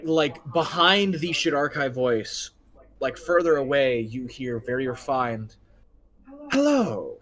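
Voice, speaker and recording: A man serving as game master narrates a tabletop game, relaxed and rambling with plenty of fillers. His voice is mid-range and a little slow.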